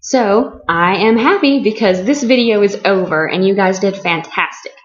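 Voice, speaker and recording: Slow, deliberate young woman teacher. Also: medium pitch. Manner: slow and deliberate, stretching key words for learners. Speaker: ESL teacher. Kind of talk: slow, clear classroom explanation. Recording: slightly muffled lo-fi recording.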